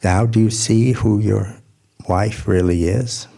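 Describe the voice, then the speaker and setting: A man voicing a kind, sad old mother in a told folk tale, speaking gently and soothingly. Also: on the low side, fairly even intonation, slow pace, gravelly, heavily acted. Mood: sorrowful.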